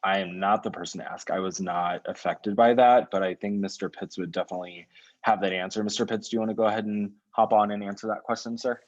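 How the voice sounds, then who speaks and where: Man, meeting chair on a video call. Low voice, dull lo-fi sound. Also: fast. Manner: relaxed, conversational, directs speakers by name. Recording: muffled lo-fi call audio.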